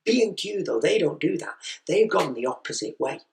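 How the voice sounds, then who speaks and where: A man's voice: fairly high pitch, very animated, normal speed, creaky, slight background noise. A man doing a stand-up routine, telling a story and acting out the voices of the people in it. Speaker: stand-up comedian. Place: comedy venue. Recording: echoey room, mic heard from a distance.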